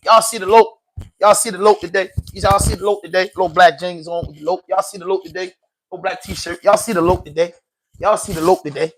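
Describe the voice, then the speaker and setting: A man's voice: high voice, fairly even intonation, brisk, fairly bright tone, slight background noise. A man doing an impression of a swaggering male street personality, repeating a sing-song catchphrase. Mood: hyped.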